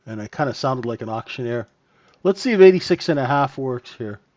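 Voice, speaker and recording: A man talks through the market live for his trading room, relaxed and unhurried, thinking aloud as he goes. His voice sits at an ordinary middle pitch. The audio is a little dull and lo-fi, like a home stream. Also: no room sound. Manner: casual, thinking aloud over the charts. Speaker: futures trading room host.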